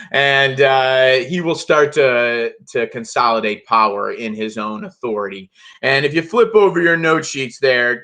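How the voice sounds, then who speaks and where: A man's voice: medium pitch, pushed and bright. A man teaching a casual history review lesson to students, talking loosely with many fillers and restarts. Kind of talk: casual classroom review lecture.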